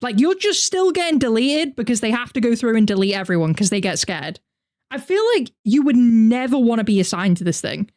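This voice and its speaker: A young woman with a northern English accent hosts a live reaction stream. Her voice sits a little high, and she talks in a chatty, animated way while answering her chat. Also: a little fast. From north of England. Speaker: VTuber streamer.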